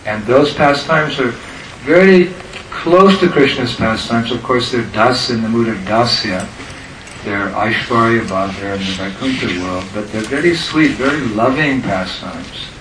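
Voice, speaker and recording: Brief: male teacher, lively storytelling lecture, far from mic in an echoey room. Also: medium pitch, unhurried. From United States. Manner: animated, laughs through his telling. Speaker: spiritual teacher. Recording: roomy, distant mic with ambient noise.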